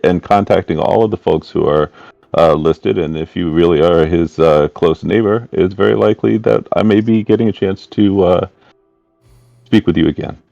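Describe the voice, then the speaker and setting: Gravelly, formal man playing an undercover agent. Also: sits low, mellow, dry recording, highs cut off. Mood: courteous. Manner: formal and courteous, with filler pauses. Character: smooth, polite male undercover agent.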